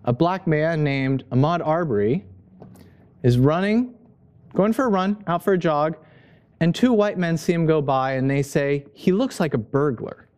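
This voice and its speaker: A man preaching with passion, his voice swinging lively between high stresses and low, gentle stretches. The tone is warm and mellow, never sharp, and he presses hard on each key point. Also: measured pace, smooth. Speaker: pastor. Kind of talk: sermon.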